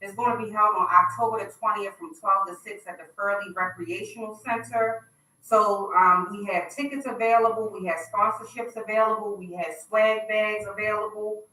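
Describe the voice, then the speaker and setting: Woman hosting talk radio, crisp bright tone, upbeat chat, echoey studio sound. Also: medium pitch, fairly even intonation, moderate pace. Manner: upbeat, chatty announcing. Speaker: radio show host. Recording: roomy, distant mic.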